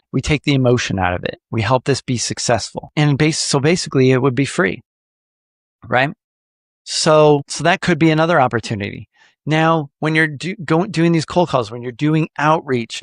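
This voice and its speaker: A man hosting a podcast, coaching listeners in a lively, animated way with playful jokes. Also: medium pitch, no room sound, clean studio sound. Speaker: podcast host.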